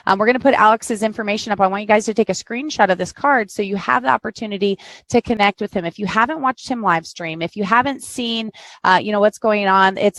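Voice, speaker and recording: A woman's voice: medium pitch, fairly bright tone, no echo. A middle-aged American woman hosting a live-streamed podcast over a video call, chatting casually, teasing and laughing often. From United States. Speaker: podcast host.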